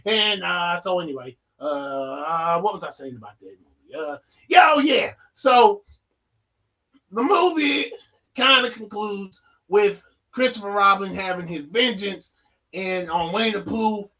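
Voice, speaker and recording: A man's voice: sits high, lively intonation, unhurried, sharp tone, highs cut off. A man reviewing a film on a casual live stream, rambling with playful, goofy asides.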